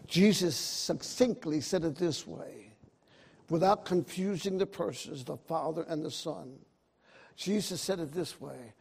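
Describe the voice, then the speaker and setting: Guy preaching a sermon, kinda high voice, takes his time, gets loud on the big points. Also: creaky, breathy edge. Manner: call-and-response preaching, bursts of loud emphasis.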